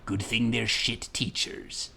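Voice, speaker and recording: A man voicing a gruff, boozy male pirate who talks in salty sea-dog slang over a video game. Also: medium pitch, flat delivery, takes it slowly, sharp tone, slight background noise, full character voice. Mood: swaggering.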